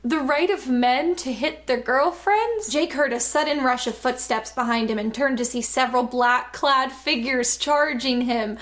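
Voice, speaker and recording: A woman reading a novel aloud and breaking in with sarcastic, amused comments. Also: sits high.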